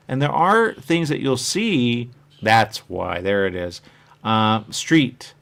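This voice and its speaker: A man's voice: mid-range voice, slow pace, vocal fry, fairly bright tone. A man hosting a show, chatting casually and rambling from point to point, often acting out what other people say. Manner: meandering, chatty, acts out quoted voices. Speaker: show host.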